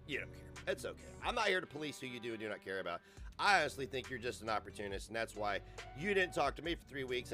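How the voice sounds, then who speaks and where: Sarcastic man, ranting commentary, lively pitch, cursing, faint background music. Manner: sarcastic, mocking, profane. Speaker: host.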